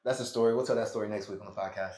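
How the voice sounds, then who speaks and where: A man's voice: lowish voice, fairly even intonation, rapid-fire, a crowd in the background. An American man hosting a podcast, telling a long story in a rambling, slangy way and laughing often. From United States. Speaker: podcast host. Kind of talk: casual storytelling. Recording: echoey room.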